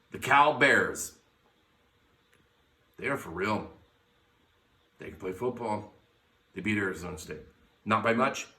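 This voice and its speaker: A man's voice: low-pitched, bright, forceful tone. A brash, blunt man hosting his own sports talk show, swearing freely and firing off picks. He sits back from the mic in his garage, so his voice bounces around the room. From United States. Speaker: sports podcast host. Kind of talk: casual sports commentary. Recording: echoey garage, mic at a distance.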